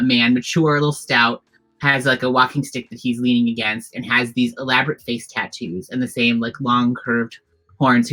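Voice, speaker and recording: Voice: mid-range voice, bright, forceful tone, rough recording. A game master narrating a tabletop game, rambling and full of fillers and restarts.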